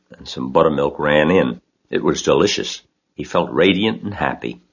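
A man reads a children's story aloud in a steady, gentle way. His voice is very deep with a husky grain. The recording sounds dull and lo-fi. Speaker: narrator. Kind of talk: audiobook reading.

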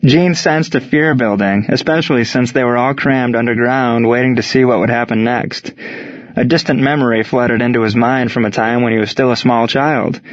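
A man reads a story aloud in scripted narration, steady and measured from line to line. His voice sits at an ordinary middle pitch. The recording is slightly dull and lo-fi. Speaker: audiobook narrator.

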